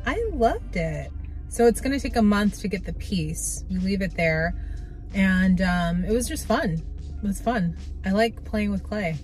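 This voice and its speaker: A woman's voice: medium pitch, expressive, a little slow, darkish tone, soft background music. A woman chatting casually to her camera as a lifestyle vlogger, upbeat and rambling. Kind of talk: casual vlog chat to camera.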